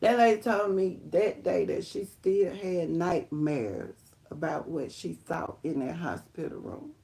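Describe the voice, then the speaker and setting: A woman telling her life testimony on a live stream, rambling and emphatic, talking straight to viewers as y'all and breaking into high excited exclamations. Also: a little slow, vocal fry. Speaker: livestream host sharing her testimony.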